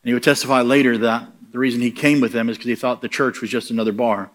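A man's voice: mid-range voice, quick pace. A man preaching who tells a story and acts out the voices in it. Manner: animated, acts out the voices in his stories. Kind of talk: sermon storytelling.

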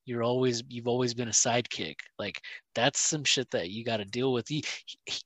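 Man, casual podcast chat, mid pitch, animated storytelling, quotes people, dry close sound. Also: moderate pace, dry recording. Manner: animated storytelling, quoting others, frequent "right?" and "you know". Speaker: podcast co-host.

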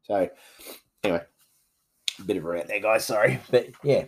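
Deep-voiced congested man. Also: moderate pace, gravelly, a little hiss or hum. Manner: rambling, chatty, many fillers. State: congested from hay fever. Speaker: podcast host. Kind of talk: casual solo podcast chat.

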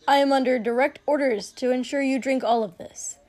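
A woman voicing a formal, polite young male attendant who speaks briskly and a little too cheerfully. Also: high-pitched, steady tone, a little mellow, close to an everyday voice. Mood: insistent.

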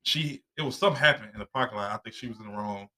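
A man from Chicago in casual chat, an animated storyteller who acts out voices, laughs often and uses a lot of profane slang. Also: fairly low pitch, rapid-fire.

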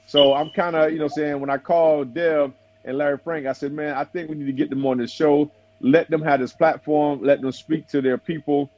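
A man's voice: a little high, flat delivery, a little fast, a little mellow, no echo. Laid-back man talking on a cell phone. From South Florida. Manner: laughing, loose and teasing. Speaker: host. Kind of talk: casual chat on a phone call. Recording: dull lo-fi phone audio.

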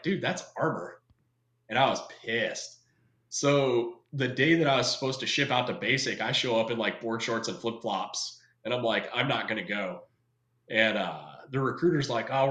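A man's voice: medium pitch, a bit bright. Laid-back slangy man in a roomy space. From California. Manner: laid-back, slangy, acts out quoted voices. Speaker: guest. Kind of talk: casual storytelling. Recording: roomy echo.

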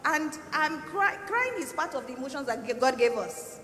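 Woman panelist, bright forceful tone, emphatic and earnest; echoey hall recording. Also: high-pitched, expressive, moderate pace, slight background noise. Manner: emphatic, earnest, repeats points. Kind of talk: panel discussion answer. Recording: echoey hall, faint ambience.

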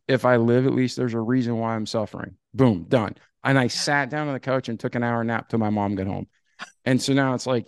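A man tells his own story in a podcast interview at an average pitch. He talks casually and animatedly and acts out old conversations as he goes. The sound is dry and close. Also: gravelly, clean tone, no echo. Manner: animated, acts out dialogue with "I'm like". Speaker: podcast guest.

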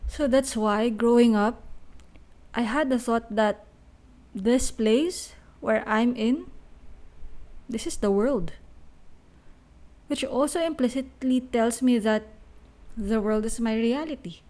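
Mellow-voiced young woman musing on a podcast. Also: a little high. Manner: thoughtful, unhurried, with small restarts. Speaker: podcast host. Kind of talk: solo reflective podcast talk.

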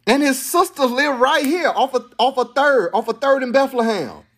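A man preaching a sermon to a live congregation, animated and playful, mixing slang and laughter into his teaching. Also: extremely high pitch, moderate pace. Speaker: pastor. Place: church sanctuary with congregation.

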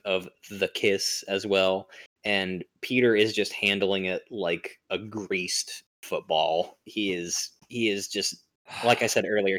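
A man's voice: on the low side, a bit bright, dry recording. A young man co-hosting a casual movie podcast, rambling with lots of fillers and restarts. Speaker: podcast co-host. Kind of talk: casual movie-recap chat.

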